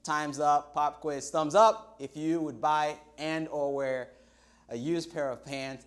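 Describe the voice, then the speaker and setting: Man, Nigerian accent, middle-aged, pastor, livestreamed sermon, animated storytelling, drawn-out emphasis, fairly high pitch.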